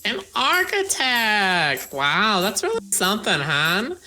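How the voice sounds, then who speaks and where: A woman's voice: medium pitch, huge pitch swings, slow, pushed and bright, soft background music, exaggerated voice, poor audio. A woman voicing a friendly, motherly female pharmacist who calls others darling and hon, reading game dialogue aloud on a live stream. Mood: warm, chatty.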